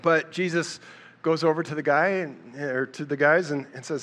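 A man's voice: fairly high pitch, unhurried, a bit bright. A man giving a casual, conversational sermon, telling Bible stories and acting out the lines of the people in them. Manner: conversational, storytelling, acts out quotes with a raised voice. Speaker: preacher.

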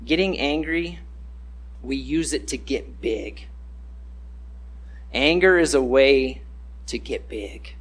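A man's voice: mid-range voice, lively intonation, slow pace, pauses often, husky. A man giving a casual, conversational sermon, acting out the voices he quotes.

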